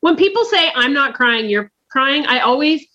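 Co-host, woman, bright lively voice, slightly dull lo-fi sound, playful quips. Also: sits high, moderate pace. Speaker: podcast co-host. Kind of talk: casual comedic chat.

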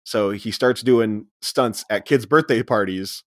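A man's voice: on the low side, no echo, clean studio sound. Laid-back man recapping a comedy film. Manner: retells scenes with quick quoted voices, laughs often. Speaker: podcast co-host. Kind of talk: casual movie recap chat.

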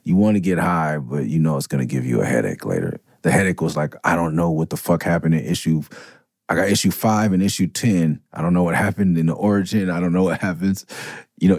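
Podcast host, male, deep and dry-miked, loose profane anecdote style. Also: darkish tone, breathy edge, dry recording. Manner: loose, profane, rambling with asides. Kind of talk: casual storytelling.

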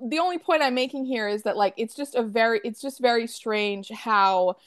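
A woman's voice: on the high side, normal speed. A woman with an American accent, from Boston, chatting casually as a podcast co-host and rambling with lots of fillers. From Boston, USA. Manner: rambling, full of "like" and restarts. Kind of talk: casual chat.

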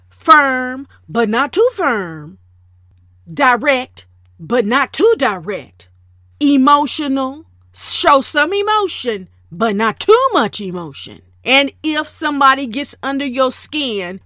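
Woman, slow deliberate delivery, slightly high voice, emphatic repetition, dry close mic. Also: fairly bright tone, no room sound. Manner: emphatic, repeats words for effect. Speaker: podcast host. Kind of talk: casual monologue.

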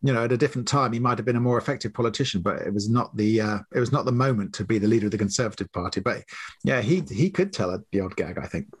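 A man who writes comedy, guest on a podcast, talking in a relaxed way with many fillers. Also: lowish voice, very fast, slightly rough. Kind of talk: podcast interview.

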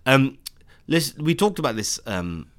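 A young man with a London accent, co-hosting a podcast and telling stories in lively, slangy chat. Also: medium pitch, measured pace. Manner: animated storytelling with London slang. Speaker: podcast co-host. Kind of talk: casual banter.

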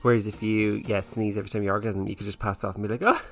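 A man's voice: fairly low pitch, level tone, quick pace, soft background music. An Irish man co-hosting a podcast, trading teasing, laughing banter in casual chat. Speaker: podcast co-host.

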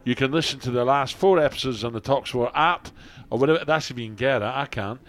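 Older man telling lively stories. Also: medium pitch, fast. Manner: animated storyteller, puts on voices in quotes. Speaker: radio co-host. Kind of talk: casual chat, anecdotes.

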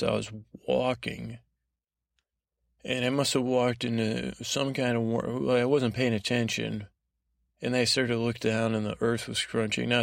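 A man hosting a podcast, telling a meandering improvised bedtime story in a halting, self-interrupting way. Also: medium pitch, creaky, dry recording, clean studio sound. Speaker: podcast host.

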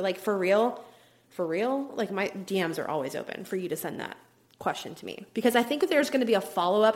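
Upbeat chatty woman podcast host. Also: medium pitch. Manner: chatty, upbeat, many "like" fillers, drops into whispers at times. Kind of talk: casual solo podcast talk.

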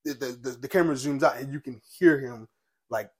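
In a brisk, slightly rough voice of medium pitch, a young podcast co-host talks casually and with animation. He swears freely and retells scenes from TV with feeling.

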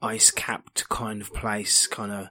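Man, tabletop player, halting speech, hushed asides. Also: lowish voice, little pitch movement, dry recording. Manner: hesitant, drops to a whisper. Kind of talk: tabletop role-play.

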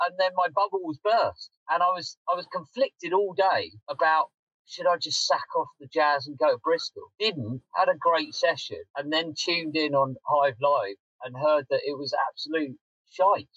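Male fan guest, tense bright tone, self-deprecating, dull dry remote audio. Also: fairly high pitch, normal speed, dry recording. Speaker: football fan pundit. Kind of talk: casual football chat.

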